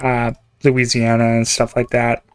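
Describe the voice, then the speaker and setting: A man's voice: mid-range voice, monotone, a little slow, smooth, faint music behind. A young man from Canada chatting casually and rambling while he streams a game, laughing often. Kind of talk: casual chat while gaming.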